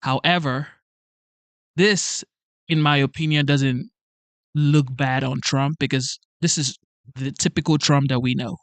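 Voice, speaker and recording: A man giving casual reaction commentary on a political clip. He is excitable and keeps blurting out exclamations. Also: mid-range voice, a little slow, long pauses, no echo.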